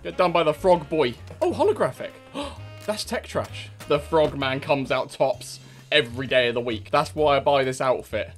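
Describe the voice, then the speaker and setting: A man's voice: fairly high pitch, animated, normal speed, faint music behind. A young man giving cheeky, swear-filled gameplay commentary and mocking other players. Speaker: gaming streamer.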